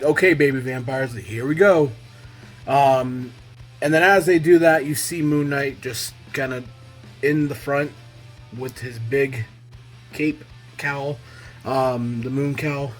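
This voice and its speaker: A man giving a casual, enthusiastic review in a vlog, talking loosely and filling pauses with "um" and "you know.". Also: medium pitch, fairly bright tone. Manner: enthusiastic, loose, heavy on fillers. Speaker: comic book reviewer.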